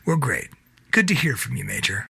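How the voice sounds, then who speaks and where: A man's voice: mid-range voice, sing-song, normal speed, vocal fry, bright, forceful tone, slightly rough, dry recording, clean studio sound, full character voice. A man voicing a soldier's upset wife who talks with bitter sarcasm in an audio drama.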